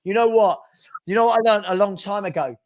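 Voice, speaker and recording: His voice sits high and moves fairly quickly as he runs a fan live stream. He goes through super chats and trades banter with the audience, lively and talkative, and the recording has no audible room.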